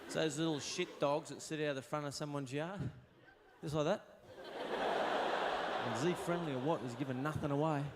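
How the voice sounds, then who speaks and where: A man's voice: a little high, fairly even intonation, normal speed, long pauses, very noisy. An Australian man performing a stand-up routine at a live show, wry and chuckling as he acts out little voices. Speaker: stand-up comedian.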